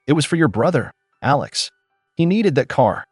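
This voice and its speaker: A man voicing a frantic, guilt-tripping middle-aged mother with a shrill, pleading manner. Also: sing-song, moderate pace, breathy edge, no echo, studio quality, soft background music. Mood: indignant.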